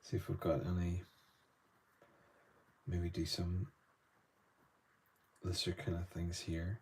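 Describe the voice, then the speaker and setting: A man's voice: low-pitched, monotone, slow pace, darkish tone, slight background noise. A Northern Irish man chatting loosely through a live painting lesson, greeting viewers between strokes. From Northern Ireland. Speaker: art tutor.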